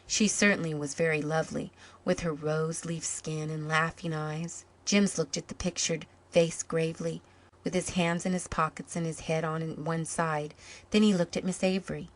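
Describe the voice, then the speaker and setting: A woman narrating a storybook in an even, measured way. Her voice sits on the low side and stays calm throughout. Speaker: story reader.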